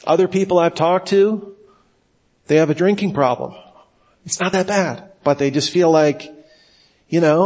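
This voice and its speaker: A man's voice: on the high side, measured pace, long pauses, darkish tone. Conversational man teaching a church class. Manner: conversational, anecdotal, wry asides. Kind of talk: sermon-style teaching talk.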